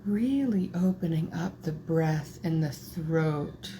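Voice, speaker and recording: Slow, mellow-voiced woman energy healer. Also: low voice, animated, slight background noise. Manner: soft, meandering, spiritual phrasing. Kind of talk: guided channeling session.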